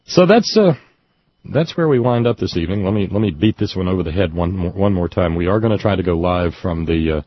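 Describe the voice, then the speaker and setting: A man's voice: deep voice, lively intonation, quick pace, dry recording. A man hosting a casual talk show, rambling and self-deprecating as he wraps up the program. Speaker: host. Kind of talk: casual radio show chat. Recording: dull lo-fi sound.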